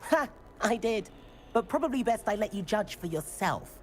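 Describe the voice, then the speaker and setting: A woman's voice: mid-range voice, lively intonation, moderate pace, a little hiss or hum, lightly acted. A woman voicing a mischievous young male student in a game, with a breezy, teasing manner.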